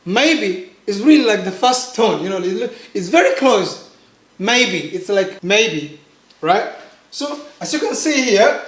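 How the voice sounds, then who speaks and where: Slow, high-voiced man teaching pronunciation. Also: roomy sound. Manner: patient, repetitive drilling with sung-out sample sounds. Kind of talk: online language lesson.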